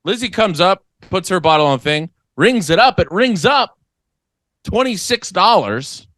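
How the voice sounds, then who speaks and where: A young man co-hosting a casual comedy podcast, telling a story and mimicking other people in a low mumble. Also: lively intonation, moderate pace, fairly bright tone, no room sound, clean studio sound. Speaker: podcast co-host.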